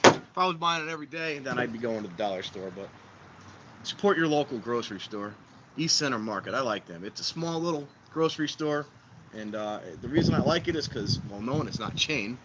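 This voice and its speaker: Man, casual livestream talk, mid pitch, rambling jokes, noisy outdoor audio. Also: expressive, a little fast. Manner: rambling, joking, talks to viewers. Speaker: livestream host. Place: outdoors by a fire pit.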